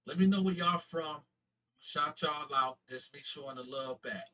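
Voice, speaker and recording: A man from Flint, Michigan, hosting his YouTube channel, casually shouting out viewers in slangy talk and stumbling over names as he corrects himself. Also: on the high side, recorded from a distance, low-quality recording. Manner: slangy, halting name reading with self-corrections.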